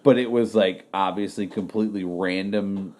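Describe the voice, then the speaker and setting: A man's voice: low-pitched, fairly even intonation, moderate pace, darkish tone. A man co-hosting a podcast, telling a story in a rambling way, full of "like" and casual swearing. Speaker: podcast co-host. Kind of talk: casual chat.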